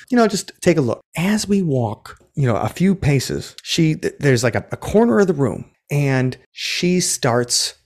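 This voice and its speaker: A man with a darkish, mid-range voice, who runs ghost tours, shares a story during a casual interview. He rambles and restarts, corrects himself, and voices what people said.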